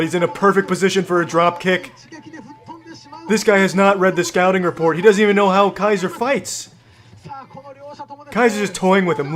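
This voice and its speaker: A man's voice: high voice, fairly bright tone. A man giving sarcastic, swearing mock sportscaster commentary over video clips.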